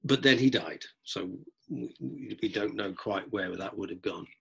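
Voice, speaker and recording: A middle-aged man, a drama teacher, lecturing students in a lively way and acting out examples as he goes. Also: fairly low pitch, a little slow, vocal fry, breathy edge. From London, England. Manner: lively, acts out examples, frequent restarts. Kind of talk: lecture-style talk to students.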